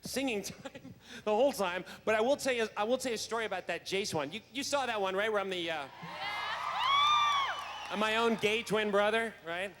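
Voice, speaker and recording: Speaking fast with few pauses, a man with a high, somewhat bright voice tells a comic backstage tale as a guest actor at a fan convention, laughing, chatting and restarting many times. Some chatter can be heard behind him, and the large convention hall adds echo and faint noise.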